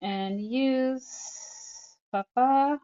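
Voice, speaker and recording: She speaks extremely slowly in a high voice, and the audio is dull. A female speech therapist, she talks casually through an app tutorial step by step, calling out each tap amid frequent fillers.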